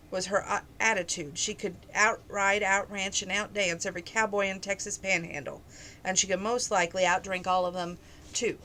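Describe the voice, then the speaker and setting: A woman's voice: mid-range voice, pushed and bright, a little hiss or hum, low-quality recording. A woman reading a novel aloud in a plain, unpolished way, calling out page numbers and stumbling a little now and then. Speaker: reader.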